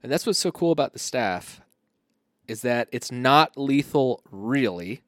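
A man's voice: mid-range voice, animated, unhurried, dry recording, clean studio sound. A man co-hosting a podcast, chatting casually with crude, playful jokes. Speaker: podcast co-host. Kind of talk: casual chat.

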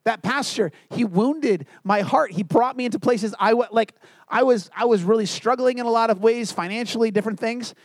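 A man preaching a sermon as a pastor, telling a personal story earnestly and dropping to quiet, low tones for emphasis. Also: normal speed, dry recording.

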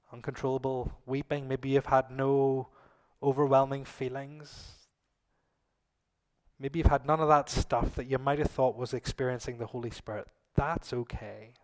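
Animated man preaching a sermon. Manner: animated, swings between loud emphatic lines and soft low asides.

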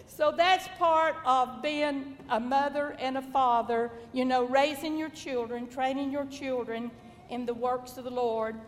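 A woman's voice: high-pitched, fairly even intonation, a little slow, in a large hall, a little hiss or hum. An older woman with a Southern US accent, a mother reminiscing in a folksy, devout testimony. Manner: folksy, devout, gently chuckling.

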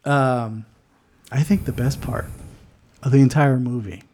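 A man co-hosting a podcast in a casual movie-review chat, talking with many restarts and fillers and acting out quoted lines with big jumps in pitch. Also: steady tone, measured pace, a little mellow. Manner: lots of restarts and filler words. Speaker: podcast co-host.

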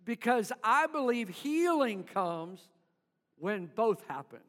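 A man's voice: high voice, very animated, slow pace, fairly bright tone, big-room sound. A man preaching a sermon to his congregation in church, calling for responses and having them repeat after him. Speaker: pastor.

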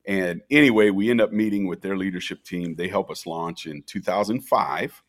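Very deep-voiced animated storytelling man. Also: normal speed. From Minnesota, USA. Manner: animated storyteller, acts out quoted dialogue. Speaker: festival founder, podcast guest. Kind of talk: storytelling interview.

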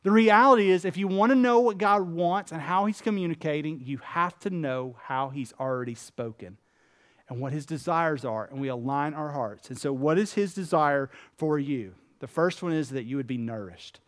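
A man's voice: fairly high pitch, moderate pace. A man preaching a sermon as pastor, earnest and emphatic, telling stories with voiced characters.

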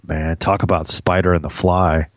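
A man co-hosting a casual TV recap podcast, talking in an animated, crude, joking way. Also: sits low, unhurried, no room sound, dull audio. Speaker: podcast co-host.

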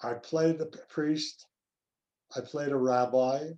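An older male actor reminiscing in an interview, telling anecdotes in an unhurried way. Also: mid-range voice, fairly even intonation, mellow, lo-fi sound. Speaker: actor guest.

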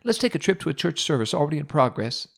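Gravelly man telling a devotional story. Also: on the high side, big pitch swings. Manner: humorous self-mocking storyteller with dramatic pauses. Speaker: radio devotional host.

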